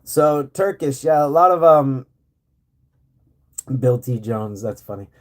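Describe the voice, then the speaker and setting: A man's voice: mid-range voice, animated, slow. A man chatting casually and rambling on a live stream from home, with lots of fillers and easy laughter. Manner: rambling, laid-back, laughs often, many fillers. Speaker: livestream host. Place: home in rural area.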